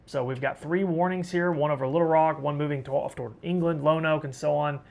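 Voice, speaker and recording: A man's voice: fairly high pitch, fairly even intonation, fairly quick, gravelly, a little mellow. A man from western Arkansas hosting a live weather stream, casually talking straight to viewers and answering chat. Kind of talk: live storm coverage, reading chat.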